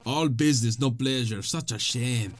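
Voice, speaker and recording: A man voicing a pompous French male knight in a put-on French accent, drawn-out and theatrical. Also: mid-range voice, voice pushed down, close to an everyday voice. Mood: haughty.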